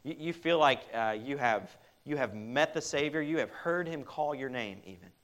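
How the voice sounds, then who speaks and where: A man's voice: mid-range voice, animated, moderate pace, fairly bright tone. This is a man delivering a sermon in an ordinary mid-range voice. He pleads earnestly with his listeners, turning to them with direct questions. His sentences often stall and restart as he thinks aloud. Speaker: pastor.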